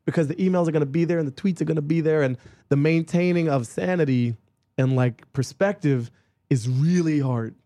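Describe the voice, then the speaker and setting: A man speaking as an author guest in a casual conversation, animated and self-mocking, with quick jokes. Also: a little high, no echo.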